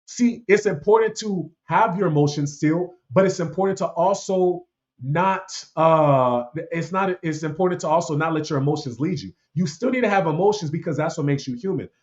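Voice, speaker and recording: Preachy man with a higher voice, lo-fi. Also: normal speed, a little mellow. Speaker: podcast host. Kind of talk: opinionated casual commentary.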